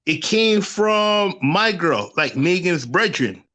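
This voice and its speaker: A man's voice: high-pitched, expressive, slow, sharp tone. A man on a live panel, debating in a heated, casual way, profane and repeating himself.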